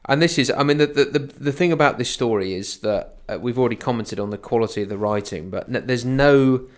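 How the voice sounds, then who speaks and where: A man's voice: mid-range voice, brisk. A man talks his way through an old book on a podcast, now and then reading a passage aloud. He keeps checking in with his co-hosts through tag questions and easy fillers. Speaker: podcast co-host. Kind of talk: casual discussion of a classic book.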